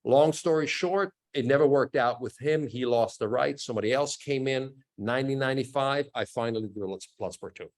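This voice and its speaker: A man in his fifties, an action actor guest, telling stories in a lively way, acting out sound effects and often laughing as he talks. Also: medium pitch, fairly quick, few pauses. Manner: animated storyteller acting out quotes and sound effects. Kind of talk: casual storytelling interview.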